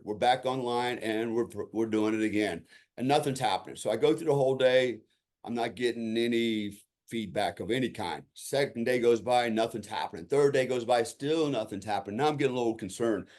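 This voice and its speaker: A man's voice: medium pitch, a little fast, a little mellow. A man speaking as a podcast guest and telling a story from his military days in a conversational way, acting out the lines of people in it and often tossing in "you know" and "right?". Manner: vivid storyteller who acts out quoted lines.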